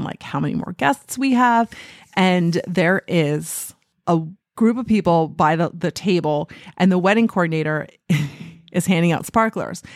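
Brief: female podcast host, lowish voice, casual animated storytelling, dry close-mic sound. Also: no echo. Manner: chatty, animated retelling with frequent "like" fillers. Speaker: wedding photographer and podcast host.

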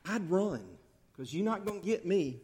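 High-voiced preacher. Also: male voice, moderate pace, slightly rough. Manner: animated, acts out angry outbursts. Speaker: pastor. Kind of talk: sermon. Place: church sanctuary.

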